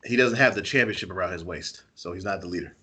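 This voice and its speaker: A man's voice: deep voice, fast, sharp tone, slightly rough. A man co-hosting a casual wrestling podcast, arguing his take with a playful laugh. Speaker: podcast co-host.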